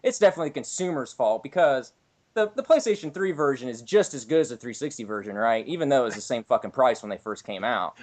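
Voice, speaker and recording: Sarcastic, profane man ranting, lively pitch. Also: quick pace. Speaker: guest ranter. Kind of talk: casual podcast rant.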